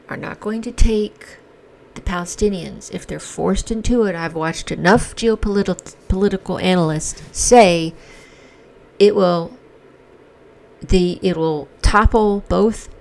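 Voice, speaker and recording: A woman speaking in a lowish, gravelly voice, delivering a heated commentary to camera. She talks with indignant emphasis, pressing hard on key words as she airs her views. Her tone stays passionate and emphatic throughout. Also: darkish tone. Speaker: commentary vlogger. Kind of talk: emotional opinion monologue.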